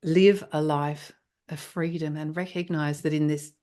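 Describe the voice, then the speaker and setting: A woman voicing an enslaved woman from a vision. She speaks softly and haltingly, gentle and hopeful despite her suffering. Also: sits low, steady tone, voice pushed down. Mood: hushed sorrowful.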